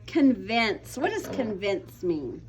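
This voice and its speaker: A woman's voice: medium pitch, big pitch swings, slow. A young woman teaching a class of children, patient and encouraging, calling on pupils by name. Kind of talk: classroom vocabulary lesson.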